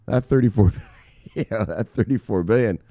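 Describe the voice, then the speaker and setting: A man's voice: lowish voice, moderate pace, dark tone, no echo, clean studio sound. A man hosting a crypto video, ranting in a fired-up, preacher-like way, swearing constantly and repeating himself. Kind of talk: profane ranting commentary.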